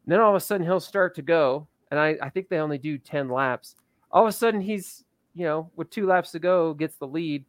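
A man co-hosts a casual racing recap, his voice sitting a little high. He talks loosely and laughs easily. The sound is dry and close. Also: fairly quick, dry recording. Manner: chatty, loose, laughs often. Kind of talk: casual chat.

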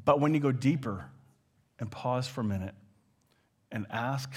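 A pastor preaches conversationally, acting out quoted everyday phrases in animated asides as he goes. His mid-range voice is slightly rough and unhurried.

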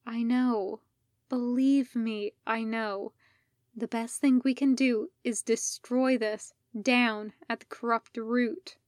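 A woman voicing a weary male Jedi leader, speaking in a quiet, strained, measured way. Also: fairly high pitch, fairly even intonation, no echo, studio quality. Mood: gentle.

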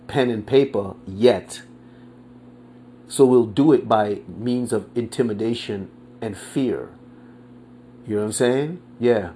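A man hosting his own podcast, delivering an angry, profane political rant, often repeating himself and answering his own points with "yeah", dropping to a mutter and then surging louder. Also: slight background noise. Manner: swings from muttering low to loud outbursts. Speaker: podcast host.

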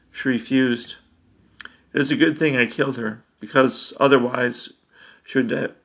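A nervous, stammering grown man in a storybook, hedging every sentence as he tries to pass as a boy's father, as a man reading the tale puts him on. The voice stays bright and forceful while the words trip and repeat. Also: medium pitch.

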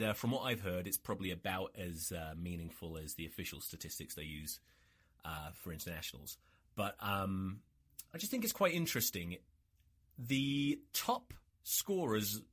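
A worn-out man hosts a solo podcast, cursing freely and mocking himself with dry sarcasm. His pitch leaps up and down as he rants, and his voice carries a husky edge. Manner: sweary, sarcastic, animated ranting. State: exhausted. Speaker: podcast host. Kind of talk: solo rugby podcast rant.

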